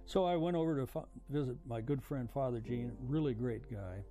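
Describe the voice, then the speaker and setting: An older man, a veteran, recounting his memories in a halting, reflective way with frequent "uh" fillers. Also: mid-range voice, mellow. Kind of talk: oral history storytelling. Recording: music playing under voice. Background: music.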